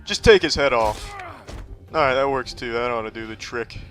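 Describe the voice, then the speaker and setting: A man in his thirties giving deadpan, profanity-laced commentary while playing a game. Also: mid-range voice, normal speed. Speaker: streamer. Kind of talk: gameplay commentary.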